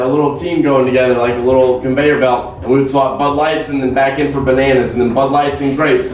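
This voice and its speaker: Male comic storyteller, rambling and animated; roomy echo, faint hum. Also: medium pitch. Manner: animated, rambling with fillers and self-laughs. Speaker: comedian. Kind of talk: stand-up storytelling. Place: art lounge, live show. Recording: echoey lounge, distant mic, faint hum.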